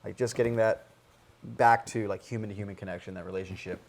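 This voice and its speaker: A man's voice: lowish voice, steady tone, quick pace, vocal fry. A man hosting a casual podcast conversation, enthusiastic and searching for words, with lots of "like" and "yeah.". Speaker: podcast host.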